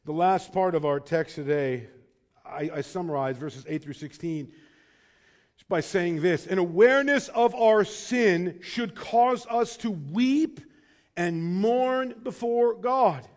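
A man preaching a sermon as pastor, swinging between loud urgent pleading and quiet low asides. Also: slow pace.

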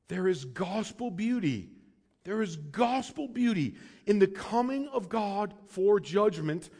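A man preaching a sermon as pastor, swinging between loud urgent pleading and quiet low asides. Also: husky.

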